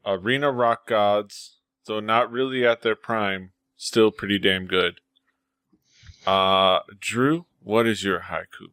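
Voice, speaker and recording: A man hosting a podcast in casual chat, rambling with lots of fillers and quick to laugh. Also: lowish voice, fairly even intonation, bright, forceful tone, smooth, dry recording. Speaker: podcast host.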